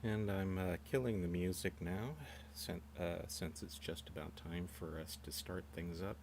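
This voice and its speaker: A man with a very low voice chats casually on a live stream. He is wry and relaxed and leads an online game tour, with a faint hiss of noise behind him. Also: measured pace. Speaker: tour guide.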